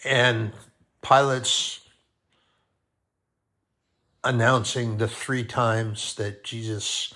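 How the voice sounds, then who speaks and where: A man preaching a sermon, deliberate and repeating key phrases for emphasis. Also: mid-range voice, fairly even intonation, sharp tone.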